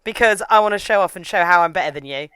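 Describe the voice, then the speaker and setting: A woman's voice: fairly low pitch, quick pace, a bit bright, clear, resonant tone, dry recording, natural voice. A woman voicing a bossy, boastful teenage girl pilot who loves to show off.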